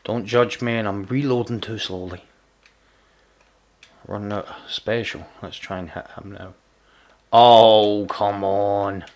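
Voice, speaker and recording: A man's voice: lowish voice, steady tone, a little slow. A man chatting casually while streaming a game, teasing viewers and stumbling over repeated words. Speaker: gaming streamer. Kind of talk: casual live gameplay chat.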